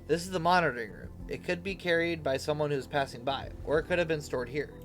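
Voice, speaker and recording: An eager little puppy from a video game, loyal and pushy, pleading earnestly and boasting about its strong friend, as a man puts it on. The voice sits a bit high, with faint game music underneath. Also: fast talker, a bit bright, natural voice.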